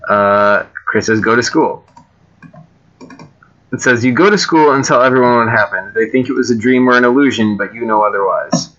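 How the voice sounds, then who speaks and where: A man reads homemade stories aloud in a loose, chatty way, stopping for fillers and side comments. His tone is bright and forceful. The recording is a bit dull and lo-fi. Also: medium pitch, normal speed. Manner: chatty, breaks off with fillers and asides. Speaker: reader and creator of homemade games. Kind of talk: casual read-aloud of generated stories.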